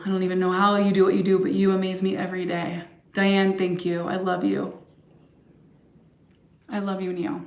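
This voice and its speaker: A woman yoga and sculpt instructor wrapping up a live-streamed class, gushing thanks to her viewers and moderator. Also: medium pitch. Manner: warm, gushing, effusive thanks. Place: yoga studio. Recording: roomy echo.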